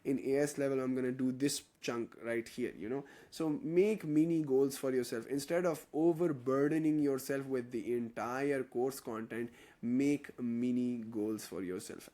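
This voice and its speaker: A man's voice: mid-range voice, a little mellow. A young man, teaching an online chemistry class in a casual, joking way and answering student questions. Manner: chatty, joking, reads out chat questions. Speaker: chemistry tutor.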